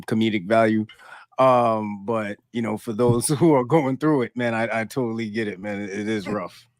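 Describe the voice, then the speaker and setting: A man co-hosting a podcast, chatting casually and agreeing in a relaxed way. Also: lowish voice, no echo, clean studio sound. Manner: laid-back, agreeable, short affirmations. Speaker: podcast co-host.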